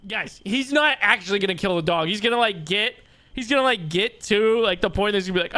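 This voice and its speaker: Excitable, swearing game streamer man. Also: high voice, a little fast, hardly any pauses. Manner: excitable, loud outbursts, swears a lot. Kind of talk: live gameplay commentary.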